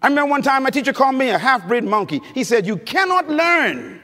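Racing along in a very high-pitched, somewhat bright voice, a male preacher gives an animated, emphatic conference sermon, weaving stories and engaging the audience with questions. A large conference hall lends a long reverb.

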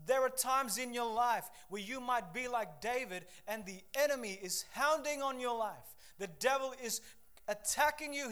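High-voiced animated male preacher. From Papua New Guinea. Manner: animated storytelling with shifting loudness, acts out voices. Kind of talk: sermon.

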